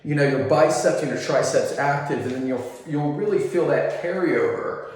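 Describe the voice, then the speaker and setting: A man's voice: on the high side, normal speed. Guy walking you thru arm exercises, chill demo talk, big echoey room w long reverb. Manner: relaxed, talks while demonstrating exercises, frequent "okay?" check-ins. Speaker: fitness coach for singers. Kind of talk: instructional demonstration.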